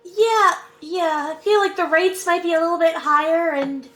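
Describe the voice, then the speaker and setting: A woman's voice: extremely high pitch, normal speed, a crowd in the background. A woman playing a tabletop game, joking in an easygoing way. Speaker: player. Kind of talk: casual tabletop play.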